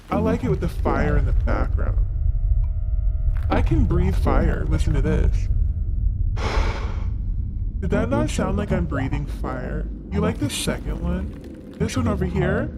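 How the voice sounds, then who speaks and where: A woman using a voice changer to play an evil male fire dragon, playful and rumbling. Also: very animated, takes it slowly, long pauses, heavy background noise. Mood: playful menace.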